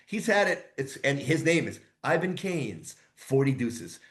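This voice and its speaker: A man in his sixties, a voice actor guest telling rambling, lively anecdotes in a casual interview. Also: medium pitch, a little slow. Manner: rambling, animated anecdotes with asides.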